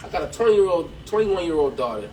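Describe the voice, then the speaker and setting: A man putting on the voice of a stern middle-aged farmer who makes threats in a lowered, gruff tone, during a joke on a podcast. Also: sing-song, fast, mellow. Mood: menacing. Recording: distant mic, faint background noise.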